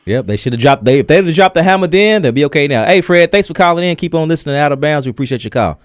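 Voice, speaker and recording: A male co-host of a sports talk radio show who talks fast with a lively, swinging pitch. The sound is dry and close. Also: no room sound.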